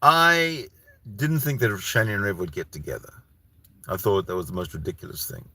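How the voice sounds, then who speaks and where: A man from Canada carries a long solo talk on his own channel, heated and full of swearing and false starts. His voice sits low, yet it swings widely in pitch and has a bright, forceful edge. The sound is dry and close. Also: sing-song, normal speed, dry recording. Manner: heated, ranting, profane, with frequent restarts. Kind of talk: rambling solo livestream talk.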